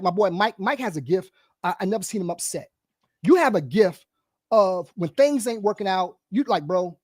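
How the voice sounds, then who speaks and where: A man co-hosting a podcast in casual chat, rambling and animated, full of fillers and repeated "bro,". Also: high-pitched, dry recording, clean studio sound. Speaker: podcast co-host.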